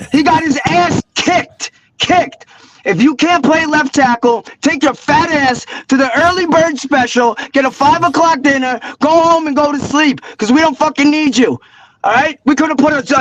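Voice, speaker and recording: A man's voice: very high-pitched, a bit bright, slight background noise, low-quality recording. A man with a New York accent calling in to a sports podcast, ranting with profanity and sarcasm. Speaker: caller. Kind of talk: angry call-in rant.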